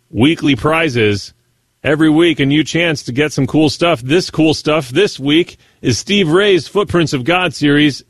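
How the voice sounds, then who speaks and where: A man's voice: mid-range voice, dry recording. A man hosting a Catholic morning radio show, talking earnestly with a few playful asides. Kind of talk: Catholic radio talk and reflection. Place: radio studio.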